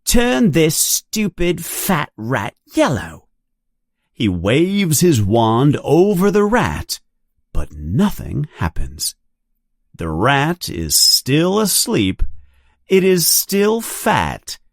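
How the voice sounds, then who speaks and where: A slow, deliberate storybook narrator whose pitch swoops widely from line to line. The reading is expressive and jumps up for the characters' lines. The sound is dry and close, with no room echo. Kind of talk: read-along storybook narration.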